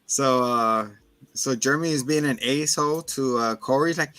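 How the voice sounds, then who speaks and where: A man hosting a casual movie review chat, retelling scenes with animated energy. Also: mid-range voice, fairly quick. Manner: animated storyteller, acts out scenes in voices. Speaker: podcast host.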